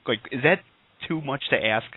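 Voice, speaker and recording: A man's voice: mid-range voice, moderate pace, slightly rough, no room sound. A man hosting a casual internet radio chat, joking and laughing often. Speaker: podcast host. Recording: tinny phone line, dry.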